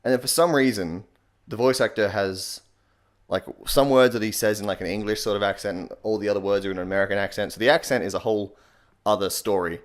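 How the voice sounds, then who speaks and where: A young man hosting a comedic voice tutorial, sarcastic and deadpan, swearing casually. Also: lowish voice, quick pace. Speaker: comedy YouTuber.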